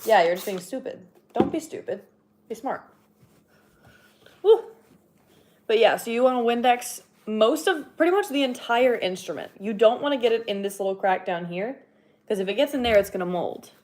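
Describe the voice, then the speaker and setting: A woman's voice: a little high, expressive, moderate pace, a little mellow. A young woman chatting casually on a livestream while cleaning her horn, rambling with lots of fillers and laughing now and then, a little out of breath. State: slightly out of breath.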